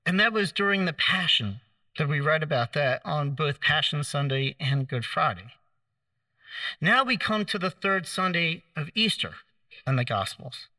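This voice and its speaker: A man preaching a sermon, telling the story in a conversational way, acting out the quoted lines with gentle humor. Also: a little high, lively intonation, measured pace, no room sound, distant mic.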